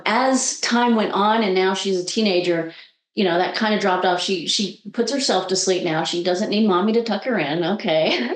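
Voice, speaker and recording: Woman coach chatting lively, does little voices for people, kinda echoey room. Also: mid-range voice. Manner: animated, acts out quoted voices. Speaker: guest coach. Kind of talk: conversational storytelling.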